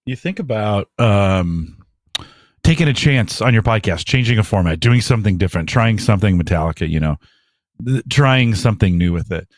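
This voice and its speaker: A man co-hosting a podcast, his pitch moving up and down in a lively way. He thinks out loud in casual talk with fillers. The sound is dry and close, with no room around it. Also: normal speed, no room sound. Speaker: podcast co-host. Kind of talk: casual chat.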